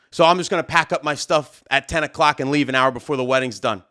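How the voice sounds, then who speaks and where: A young man telling a story on a live stream, fairly high-voiced and naturally loud. He plays out both sides of the argument with lots of animation. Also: quick pace, hardly any pauses. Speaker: host.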